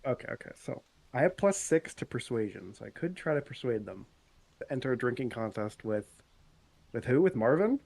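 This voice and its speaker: A young man playing in a tabletop game, excitable and thinking out loud, swearing freely. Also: mid-range voice, fairly quick, vocal fry. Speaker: player. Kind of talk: casual game chat.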